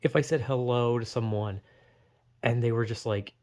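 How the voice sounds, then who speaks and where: A young man talking to himself in a loose, rambling monologue. He trips over his words and restarts, swears casually, and slips into quick imitations of imagined people. His voice sits at an ordinary middle pitch. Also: darkish tone. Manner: rambling, self-interrupting, swears often, acts out imagined voices. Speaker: vlogger.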